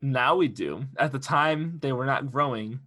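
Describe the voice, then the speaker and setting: A man's voice: medium pitch, normal speed. A young man co-hosting a podcast, telling a story with lots of laughs and swearing. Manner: animated storyteller, laughs often, swears freely. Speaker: podcast co-host. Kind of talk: casual podcast chat.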